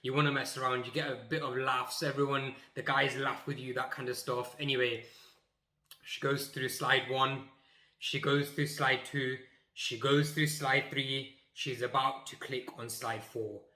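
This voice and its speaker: A young man telling a funny story from his school days, animated and emphatic, acting out the scenes. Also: medium pitch, a little slow, reverberant. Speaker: YouTuber. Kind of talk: comic storytelling.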